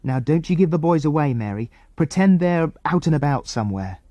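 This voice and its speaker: A plucky young English girl, as a male storyteller puts her on, quick-witted and urgent, her lines pitched well above his normal voice. She is lively and earnest. The recording is dry and close. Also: no room sound, close to an everyday voice. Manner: urgent, earnest, breathless pleading.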